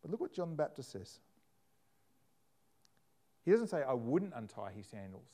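A man preaching a sermon, animated, acting out scripture in different voices. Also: mid-range voice, moderate pace.

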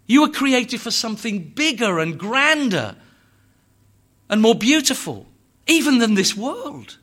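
A man preaching a sermon, emphatic and full of rhetorical questions and repetition, swinging between hushed and loud delivery. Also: very high-pitched, big pitch swings, unhurried.

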